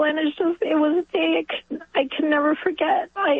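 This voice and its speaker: Casting: high-voiced woman in her 40s, radio caller, emotional and halting, dry tinny phone line. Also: steady tone, no echo. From New York. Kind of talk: call-in radio testimony.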